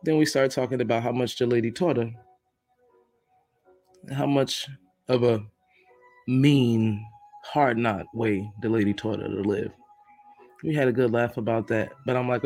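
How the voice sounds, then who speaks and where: A man from Brooklyn talks straight into his podcast, spinning a story in a loose, joking way. His voice sits at a middle pitch. Faint music plays behind him. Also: fairly even intonation, measured pace, long pauses, darkish tone. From Brooklyn, New York. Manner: joking, chatty storytelling with laughs. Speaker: podcast host. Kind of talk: casual solo podcast monologue.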